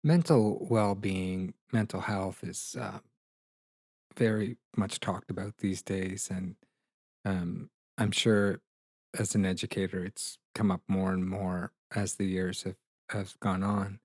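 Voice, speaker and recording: A man hosting a podcast, asking the guest questions in a measured, deliberate way with fillers. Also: deep voice, steady tone, a little mellow, no echo, clean studio sound. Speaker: podcast host. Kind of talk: interview questions.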